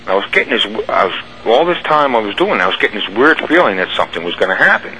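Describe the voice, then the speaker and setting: Man, fairly low pitch, bright forceful tone, rambling storyteller, radio guest. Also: very animated, fast, slight background noise, low-quality recording. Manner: rambling, vivid storytelling with restarts. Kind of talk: recounting a personal experience.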